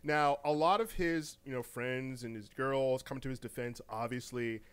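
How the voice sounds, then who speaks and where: A man co-hosting a gaming news podcast in casual, animated chat, laughing often, repeating words and using slang. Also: mid-range voice, normal speed, clear, resonant tone. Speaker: podcast co-host.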